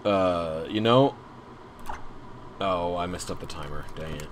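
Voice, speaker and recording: Young male streamer, lowish voice, rambling, self-mocking, loose casual chat. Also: slow pace, slight background noise.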